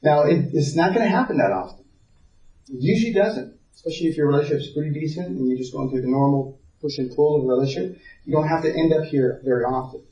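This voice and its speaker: A man with a mellow, relaxed voice gives a parenting talk to a room full of people, telling personal stories, often repeating words, and stopping to check whether the room follows him. He is heard from a distance in an echoey hall. The sound is dull and muffled. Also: fairly high pitch, quick pace. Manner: storytelling, repeats words while thinking, asks the audience. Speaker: parenting seminar speaker. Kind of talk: conversational teaching talk. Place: seminar room with a live audience. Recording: dull, roomy sound from far off.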